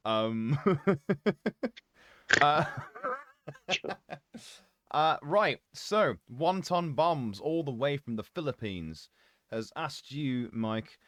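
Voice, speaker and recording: A man hosting a casual chat, playful and teasing, with a resonant, gravelly voice. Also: medium pitch, sing-song, takes it slowly, long pauses, a bit bright, no room sound. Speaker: host.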